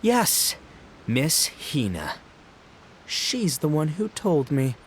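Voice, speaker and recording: A man's voice: on the high side, very animated, slow, a little hiss or hum. An actor playing a brash, boastful young male gang boss in a video game, boisterous and laughing, tripping over fillers. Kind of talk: game voice acting.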